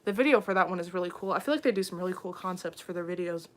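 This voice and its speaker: A woman's voice: lowish voice, very fast. A young woman hosting a casual livestream, chatting with viewers, reading their comments aloud, with frequent ums and laughs. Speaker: livestream host.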